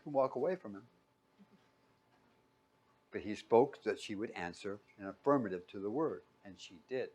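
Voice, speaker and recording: Man, pastor, sermon, call-and-answer questions, loud emphatic bursts, hushed low asides. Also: expressive, moderate pace, pauses often, breathy edge. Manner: asks the room questions and answers them himself; swings between loud emphatic peaks and quiet low asides.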